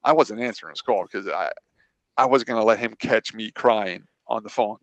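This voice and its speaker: A regular podcast guest who races locally tells a long, wandering story at normal speed, his fairly low voice recorded with dull audio and no room sound. He often breaks off and restarts, recounting his own conversations along the way.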